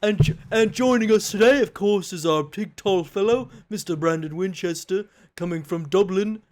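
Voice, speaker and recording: A hammy posh British host, as an American man puts him on, fairly high-pitched and drawn out slowly. He stumbles over invented place names and hams up every greeting. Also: fairly even intonation, dark tone. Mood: mock-posh. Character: mock posh British man hosting a show. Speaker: podcast host. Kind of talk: comedic put-on intro.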